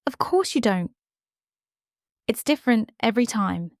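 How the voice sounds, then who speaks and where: A woman voicing a mysterious, ageless man who speaks quietly and patiently in a dry, close storybook reading. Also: very high voice, expressive, unhurried, vocal fry, no echo, exaggerated voice. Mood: calm, solemn.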